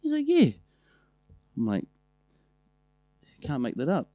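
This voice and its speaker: A man with a New Zealand accent, co-hosting a podcast and telling family stories in a loose, animated way, with a lot of swearing. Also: a little high, slow, dry recording. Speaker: podcast co-host. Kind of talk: casual storytelling chat.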